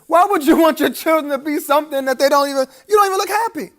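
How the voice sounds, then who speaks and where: Keynote speaker at a gala: a man with a strikingly high voice, preacherly delivery with humorous chuckling asides. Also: quick pace, fairly bright tone. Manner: emphatic rising appeals to the audience. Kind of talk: live keynote speech at a gala dinner.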